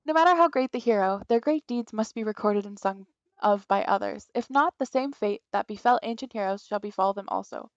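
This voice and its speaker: A woman's voice: medium pitch, brisk, dry recording, dull audio, lightly acted. A woman voicing a proud, grandiose female spirit guardian in a video game, speaking in a pompous, theatrical formal manner.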